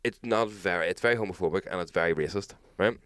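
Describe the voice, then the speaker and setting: Northern irish guy on a podcast, low smooth voice, dry close sound, swears a lot and does loud impressions. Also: quick pace, no room sound. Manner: animated storyteller, swears freely, mimics people loudly. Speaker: podcast co-host. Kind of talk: casual chat.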